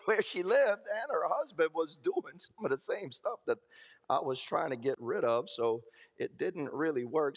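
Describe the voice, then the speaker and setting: A man's voice: mid-range voice, a bit bright. A man preaching a personal testimony, telling his story and acting out the voices of people in it. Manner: storytelling, acts out quoted voices. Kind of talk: testimony sermon. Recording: reverberant hall.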